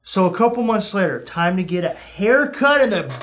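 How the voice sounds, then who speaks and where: With a high, sing-song voice that's a bit bright, a young man on his casual podcast shares funny stories at normal speed. He plays out his own reactions through sudden shifts in his voice.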